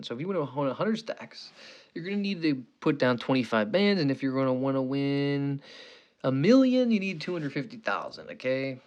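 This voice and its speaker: A man's voice: medium pitch, muffled recording. A young man hosting a sports betting show, rambling and swearing casually as he gives picks and jokes around, tagging lines with "okay" and "you know".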